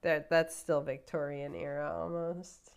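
A woman with a fairly low-pitched voice talks as a podcast guest. She rambles through her opinions in a loose, casual way and keeps dropping filler words between her points. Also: little pitch movement, a little slow, gravelly, smooth.

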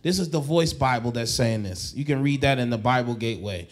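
A man's voice: medium pitch, animated, a little fast. A male pastor preaching a sermon. He repeats and restarts phrases and calls on the congregation to answer back. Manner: swings from soft to loud exhortation.

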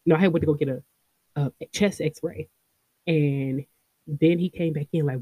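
A woman in her thirties hosting a podcast, telling a personal story in a casual, animated way and talking straight to her listeners. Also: low voice, normal speed, long pauses, husky, dry recording, narrow, tinny audio. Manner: animated, talks straight to listeners, laughs often. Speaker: podcast host.

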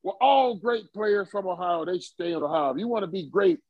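A man putting on the voice of a gruff, demanding old male football coach who blusters and insists, in a dull, dry recording. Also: high voice, expressive, moderate pace, dry recording, pitched above the performer's own voice. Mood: insistent.

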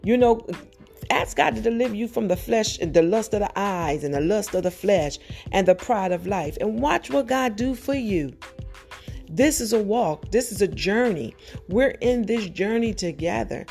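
A woman's voice: medium pitch, animated, vocal fry, a little mellow, soft background music. Woman preaching with rhetorical questions. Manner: exhorting with rapid rhetorical questions; emphatic, repetitive, rising to urgent peaks. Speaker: podcast preacher. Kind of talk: preaching sermon.

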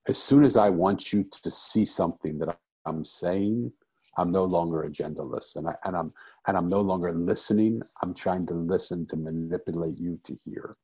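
A man's voice: sits low, normal speed, a little mellow, slightly rough. A middle-aged man telling a personal story as an interview guest, earnest and reflective, repeating phrases for emphasis. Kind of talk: conversational storytelling.

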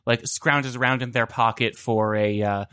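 Zögernder Spieler, trockener Klang. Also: male voice, mid-range voice, fairly even intonation, moderate pace, sharp tone, clear, resonant tone, no room sound, studio quality. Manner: casual, hesitant, many fillers. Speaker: player. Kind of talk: playing a tabletop game.

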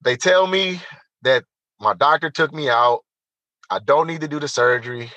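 A man telling a personal story as an interview guest, animated and emphatic, speaking straight to the listeners. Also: fairly high pitch, normal speed, dry recording, dull audio.

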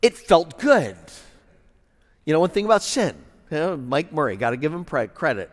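A man pastor preaching a sermon in a conversational way, with wry asides and quieter serious points. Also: a little high, big pitch swings, moderate pace, in a large hall.

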